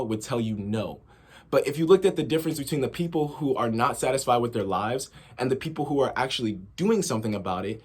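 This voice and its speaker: A man's voice: medium pitch, breathy edge. A young man in a casual vlog monologue, rambling with many fillers and restarts. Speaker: vlogger.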